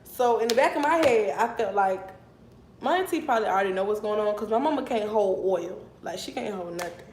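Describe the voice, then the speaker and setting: Animated young woman with a roomy sound. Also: mid-range voice, a little fast, slight background noise. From Miami, Florida. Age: 20s. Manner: animated and profane, flaring into mock anger. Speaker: vlogger telling a story. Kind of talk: casual storytime monologue.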